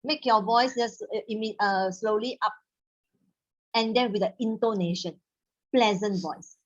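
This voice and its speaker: A woman teaches a language class in a patient, instructive way, sometimes slowing right down to model the sounds. Her pitch sits in the middle of the usual range. The audio is slightly dull and lo-fi, like an online call. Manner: instructive, mixes in Malay words, models tones slowly. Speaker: Mandarin teacher.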